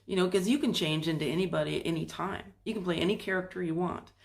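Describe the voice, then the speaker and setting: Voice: medium pitch, quick pace, creaky. A host of a spiritual self-help channel, talking in a casual, rambling monologue with loose phrasing and restarts. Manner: acts out quoted voices in passing.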